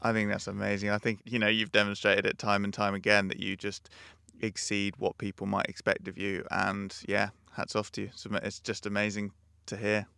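Gravelly, flat-voiced male host. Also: fairly low pitch, fairly quick, dry recording, clean studio sound. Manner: brief supportive responses. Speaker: podcast host. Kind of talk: interview conversation.

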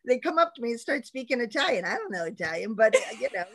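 A woman's voice: a little high, fast. A middle-aged woman, a guest on a podcast, speaking with enthusiasm in a casual chat. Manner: enthusiastic, expressive, laughs often.

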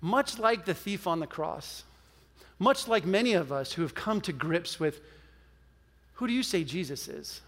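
A man's voice: high-pitched, animated, unhurried, a bit bright. A man pastor preaching a sermon in a church, telling a story, urging the congregation and leading a prayer, earnest and emphatic. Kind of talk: sermon with altar call and prayer. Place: church sanctuary with a loft. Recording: long hall reverb of a church.

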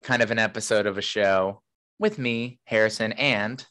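A man's voice: lowish voice, moderate pace, sharp tone. A man co-hosting a podcast, chatting casually and telling joking stories with plenty of swearing. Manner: profane, joking storyteller. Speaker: podcast co-host. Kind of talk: casual chat.

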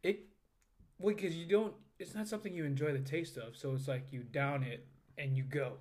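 A man's voice: a little high, normal speed, darkish tone. A man co-hosting a casual podcast chat, loose and joking, laughing often. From United States. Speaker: podcast co-host.

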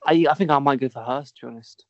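A man co-hosting a casual chat who talks quickly, stammers into restarts and trails off softly. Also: mid-range voice. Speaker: podcast co-host. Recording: slightly dull lo-fi sound.

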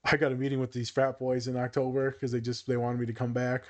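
Young guy on a podcast, jokey and animated, cusses a lot, does silly voices in his stories. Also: medium pitch, normal speed, pauses often, background noise. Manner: animated, joking, swears freely, does voices when telling stories. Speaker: podcast co-host, therapist and meditation teacher. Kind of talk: casual podcast chat.

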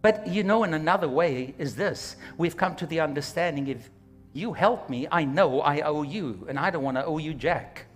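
A man's voice: fairly high pitch, moderate pace, soft background music. A male pastor preaching a sermon, exhorting his church and calling for amens, slipping into quoted voices. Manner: animated, slips into quoted voices.

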